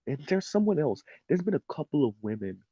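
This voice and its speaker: A man's voice: on the high side, very animated, fairly quick, breathy edge, no room sound, lo-fi sound. A man giving an emphatic, sarcastic opinion commentary, often laughing at his own points.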